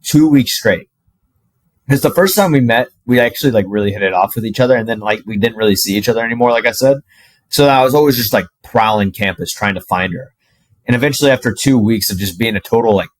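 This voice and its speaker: A young man telling a personal story to camera in a casual, animated way, full of "like" and the odd swear word. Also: on the low side, no echo, poor audio. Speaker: dating coach.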